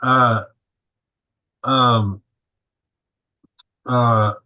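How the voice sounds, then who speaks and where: A man's voice: mid-range voice, steady tone, very slow, dull audio. A male drummer, a guest on an interview, tells a story casually and animatedly, full of fillers and acting out what others said.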